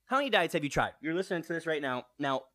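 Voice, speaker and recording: Animated man in his late thirties, sniffly. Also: on the high side, very fast. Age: 30s. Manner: animated, swears casually, asks viewers rhetorical questions. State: runny nose, sniffling. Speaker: fitness vlogger. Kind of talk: casual vlog talk.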